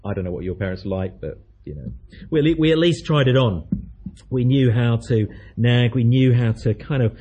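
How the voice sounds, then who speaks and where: A man's voice: mid-range voice, lively intonation, normal speed, warm tone, husky, lo-fi sound. A man preaching a sermon, telling a story in a chatty way and acting out the voices of its people.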